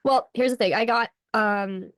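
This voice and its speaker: A woman's voice: fairly high pitch, measured pace, no room sound, studio quality. A young woman being interviewed on a podcast, chatting casually and giggling, with lots of "like" in her talk. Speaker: podcast guest, voice actress.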